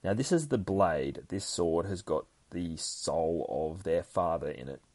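A man's voice: sits low, lively intonation, unhurried, darkish tone, dry recording. A man hosting a podcast, recapping a comic book issue in casual, heavily profane talk and acting out the fight sound effects. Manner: profane, swears constantly. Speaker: podcast host.

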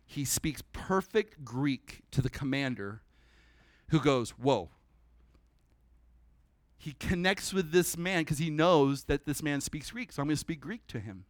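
A man preaching a sermon at a church service, animated and conversational, breaking into humorous asides. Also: a little high, normal speed, no echo.

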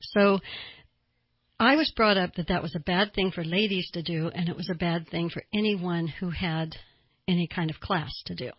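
An older woman from the American South, hosting a radio talk show as a therapist, chatty and quick to laugh. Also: on the low side, steady tone, breathy edge, no room sound, highs cut off. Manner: chatty, storytelling, laughs easily.

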